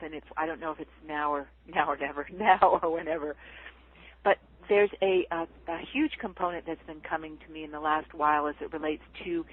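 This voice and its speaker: A woman spiritual healer talking casually and animatedly, laughing often and acting out the voices she quotes. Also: deep voice. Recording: tinny phone line.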